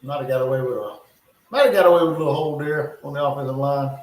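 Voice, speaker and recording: A man speaking quickly at medium pitch hosts a casual livestream at home in North Carolina, reacting to a football game with chatty play-by-play and muttered remarks. The recording has an echoey room sound.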